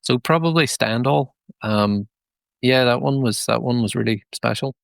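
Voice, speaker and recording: A man's voice: mid-range voice, moderate pace, creaky, no echo. A Northern Irish man in his thirties, a band frontman chatting casually in an interview, rambling through stories with lots of restarts and fillers. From Northern Ireland. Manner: rambling, many restarts and fillers, relaxed storytelling.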